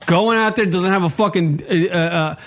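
A male radio show host ranting in a loud, profane way and repeating himself as he goes. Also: high voice, normal speed. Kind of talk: brash profane radio rant.

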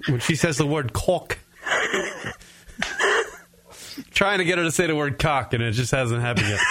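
A man's voice: on the high side, animated, normal speed, pauses often, a bit bright. A young adult man co-hosting a casual radio show, teasing his co-host and laughing often.

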